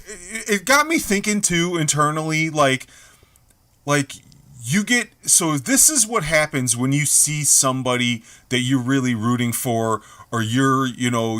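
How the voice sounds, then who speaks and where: A man co-hosting a podcast, talking in casual, profane, animated rants about movie audiences. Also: mid-range voice. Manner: profane, animated ranting with shouted impressions. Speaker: podcast co-host. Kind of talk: casual chat.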